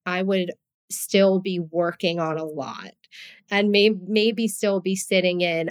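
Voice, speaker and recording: Expressive woman with a New Jersey accent. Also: fairly low pitch, takes it slowly, clean tone. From US East Coast. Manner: expressive, heartfelt, frequent "like" fillers. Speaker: podcast host. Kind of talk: casual podcast conversation.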